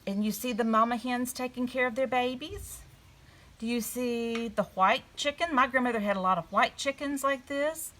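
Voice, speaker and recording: A woman giving a gentle storytelling lesson to young children at a table. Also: a little high, normal speed. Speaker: children's church teacher. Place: indoors at a table.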